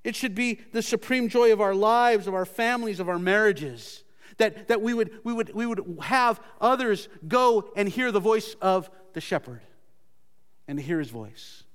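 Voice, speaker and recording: A man preaching a sermon earnestly, his pitch and loudness swinging as he repeats words for emphasis. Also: animated, moderate pace, clear, resonant tone, long reverb tail. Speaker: pastor.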